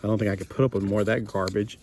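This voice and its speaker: A grumpy middle-aged principal whines about the summer ahead, as a man puts him on. The grumbling is exasperated and overdramatic. The voice sits fairly low. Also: steady tone, rapid-fire, a little mellow, slight background noise, close to an everyday voice. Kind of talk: comic book character voice in a review.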